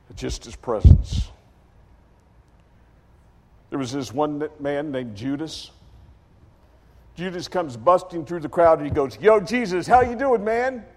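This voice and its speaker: A man preaching a sermon as dramatic storytelling, acting out scenes in character voices and swinging from shouts to quiet. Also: a little high. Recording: long hall reverb.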